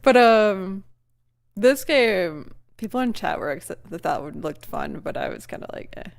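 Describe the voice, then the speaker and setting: A woman's voice: medium pitch, animated, measured pace, gravelly. A woman streamer chatting casually during a live reaction, giggling often and rambling with many fillers and restarts.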